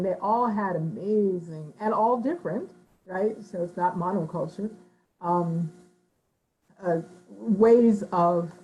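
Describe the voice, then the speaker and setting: Brief: expressive woman writer, mid-pitched, chatty interview, lots of "you know" fillers. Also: lo-fi sound. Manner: animated, slips into voices when quoting people; thoughtful, frequent hedging fillers. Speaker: author. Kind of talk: conversational interview answer.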